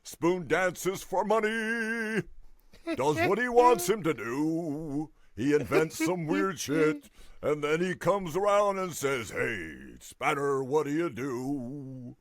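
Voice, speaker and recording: A man's voice: a little high, animated, slow pace, no room sound. A man voicing a goofy male show host who tells corny jokes and laughs at them. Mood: teasing. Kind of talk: comedy double act.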